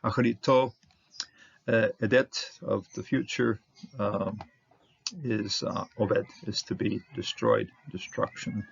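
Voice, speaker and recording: A man teaching a Bible word study, halting with many fillers as he sounds out Hebrew words. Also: on the low side, steady tone, vocal fry, husky, muffled recording.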